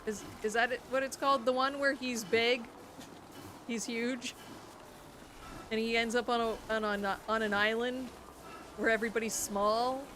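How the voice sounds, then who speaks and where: Youngish woman streamer rambling about old cartoons, a bit high voiced, loud game sounds behind. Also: fairly even intonation, measured pace, pauses often. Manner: rambling and nostalgic, trails off into musing. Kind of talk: casual chat while gaming. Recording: noisy game audio behind.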